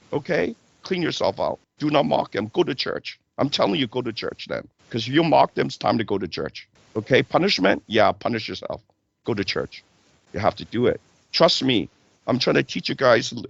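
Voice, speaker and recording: A man's voice: mid-range voice, gravelly, no room sound, highs cut off. A man hosting a casual spiritual talk show, preaching and checking in with "right?" and "okay?".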